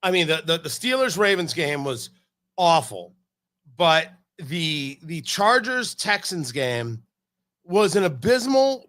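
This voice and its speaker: Host, male; high, bright voice; emphatic, stammering opinions in a loose chat. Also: very animated, slow pace. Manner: opinionated, emphatic, stumbling restarts. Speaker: podcast host. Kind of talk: casual chat about football.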